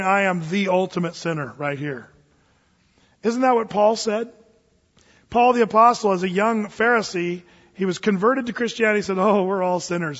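A man preaching a sermon as a pastor in a church, talking conversationally and acting out the people he quotes. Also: sits high. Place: church sanctuary. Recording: dull, echoey church hall.

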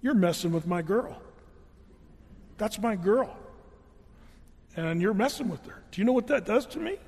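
A man's voice: high-pitched, lively intonation, moderate pace, creaky, darkish tone, slightly rough, in a large hall, full character voice. A man voicing a stern, matter-of-fact father who speaks firmly and plainly. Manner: firm, plain, protective.

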